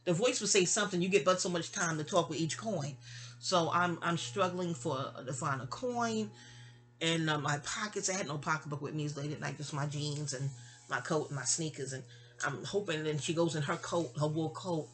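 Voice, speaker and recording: A woman's voice: moderate pace, a bit bright. A woman in her fifties from New York, casually telling a personal story with rambling asides and self-corrections. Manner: acts out remembered dialogue with raised pitch.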